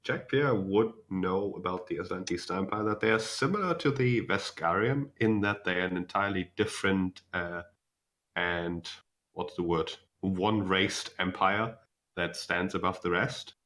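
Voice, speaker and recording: A young man narrating as game master, explaining calmly with many fillers and restarts. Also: low-pitched, normal speed.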